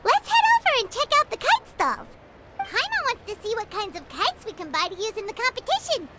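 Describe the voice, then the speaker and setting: A woman voicing a tiny, eager and excitable fairy-like companion in a video game, talking of herself in the third person. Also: extremely high pitch, a little fast. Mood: cheerful. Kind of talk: game voice acting. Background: loud music.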